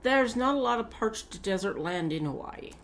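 A woman co-hosting a casual podcast chat, cutting in with quick, blunt remarks. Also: on the high side, expressive. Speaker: podcast co-host. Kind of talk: casual chat recapping TV shows.

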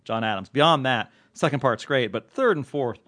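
A man's voice: medium pitch, expressive, normal speed, fairly bright tone, dry recording. A man hosting a podcast in casual chat, joking and rambling in a self-mocking way. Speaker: podcast host, TV critic.

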